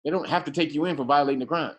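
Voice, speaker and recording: A man's voice: fairly high pitch, racing. A man teaching a casual class, talking in slang, often restarting his sentences and stressing his points hard. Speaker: class instructor.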